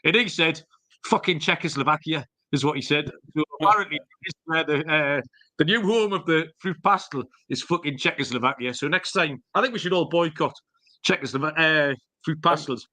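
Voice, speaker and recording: A man's voice: on the high side, fairly quick, sharp tone. A man co-hosting a podcast, telling jokey, rambling stories with the odd swear word. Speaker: podcast co-host. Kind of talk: casual chat.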